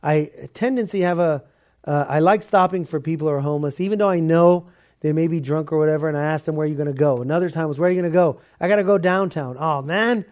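A man preaching a casual, animated sermon, telling a story and acting out the dialogue. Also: on the high side, fast talker. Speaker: pastor.

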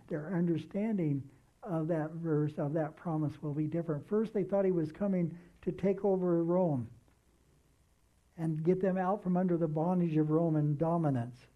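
A man's voice: fairly high pitch, normal speed. A man preaching a sermon as pastor, earnest, repeating key phrases for emphasis. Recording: tinny phone-like sound.

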